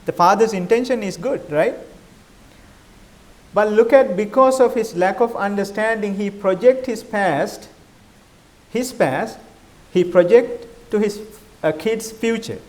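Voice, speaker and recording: Male monk, middle-aged, high voice, conversational dharma talk peppered with questions. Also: a little slow, pauses often. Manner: questioning, conversational, non-native phrasing. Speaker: Buddhist monk teacher.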